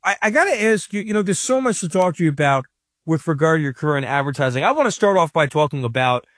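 A man's voice: a little high, lively intonation, fast, fairly bright tone, dry recording, studio quality. A man hosting an interview, asking long, enthusiastic questions. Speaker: interview host.

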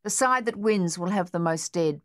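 A man's voice: high voice, moderate pace, dry recording, studio quality, natural voice. A woman voicing a wry male machine gunner with a sardonic way of talking.

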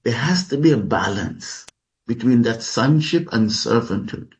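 Casting note: male pastor, measured unhurried sermon delivery, mid-range voice. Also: medium pitch, expressive, darkish tone. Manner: slow, deliberate, addresses listeners as beloved.

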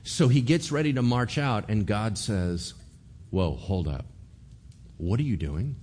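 A male preacher with a low voice that leaps up and down as he tells the story. He is animated, voicing the characters himself and firing rhetorical questions at his listeners. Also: measured pace, a little hiss or hum. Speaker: pastor. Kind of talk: sermon.

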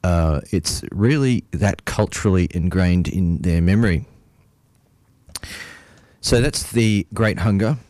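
A man hosting a radio folk music show, talking casually with many pauses and fillers. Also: deep voice, a little mellow, dry recording. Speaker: radio host.

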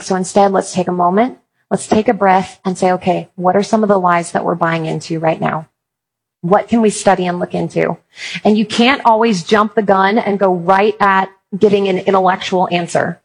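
A woman's voice: medium pitch, poor audio. A woman giving a Christian talk, mixing humorous stories with advice and acting out quotes. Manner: humorous storytelling with acted quotes. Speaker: Christian speaker on apologetics. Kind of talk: conference talk.

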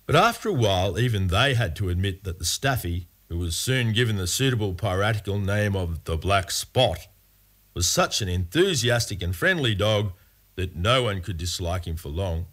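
A man's voice: low-pitched, expressive, normal speed, fairly bright tone. A man narrating a scripted storybook adventure in a playful, wry way.

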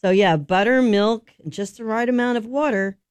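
A woman's voice: on the high side, normal speed, no room sound, studio quality. A woman co-hosting a radio show, chatting casually and with wry humor, who also reads the sports update. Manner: chatty, wry, laughs easily. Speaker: radio co-host.

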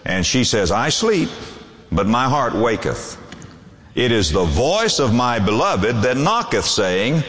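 A man's voice: mid-range voice, very animated, measured pace, fairly bright tone. A man preaching a sermon, reading scripture aloud and expounding it with sweeping emphasis. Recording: long hall reverb.

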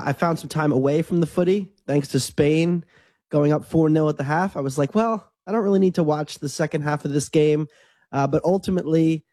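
Mellow-voiced male soccer analyst. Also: fairly high pitch, no room sound. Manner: relaxed, analytical, conversational. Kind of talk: casual sports analysis.

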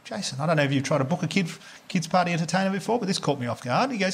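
A man in his thirties with an Australian accent, doing stand-up storytelling, lively and swearing, laughing through punchlines and acting out what people said. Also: high voice, racing, creaky. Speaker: stand-up comedian.

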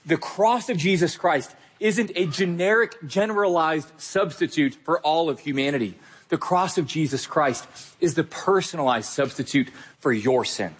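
Earnest preaching man, husky. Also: fairly high pitch, moderate pace. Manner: emphatic, earnest, repeats key phrases. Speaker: pastor. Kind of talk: sermon.

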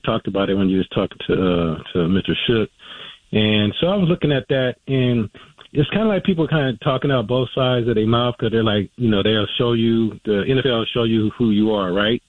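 A man calls into a sports radio show and talks casually, stumbling over fillers as he works out his point. His voice is mid-pitched and dry, and it comes through a narrow, tinny phone line. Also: dry recording. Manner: casual, hesitant with many fillers. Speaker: caller.

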